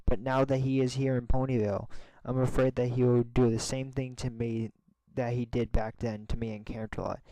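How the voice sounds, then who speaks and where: A nervous, protective young pony mare from a fan storybook, warning and scolding in a smooth, dry voice, as a man reading the story puts her on. She sounds insistent and fretful, sliding higher when she gets upset. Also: little pitch movement, mellow, dry recording, lightly acted, poor audio. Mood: confiding. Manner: insistent, worried, quick to anger.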